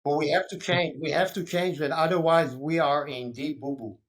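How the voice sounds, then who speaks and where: A man talking as a guest in a relaxed podcast chat. He speaks loosely, leans on filler words, and presses his points insistently. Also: on the high side, moderate pace. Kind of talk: casual conversational podcast talk.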